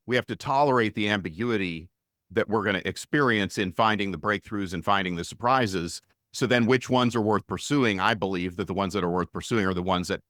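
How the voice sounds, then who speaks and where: A middle-aged man, a venture investor and author, explaining his ideas in an energetic, conversational interview. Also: low-pitched, dry recording, studio quality. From United States. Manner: energetic, conversational, frequent restarts.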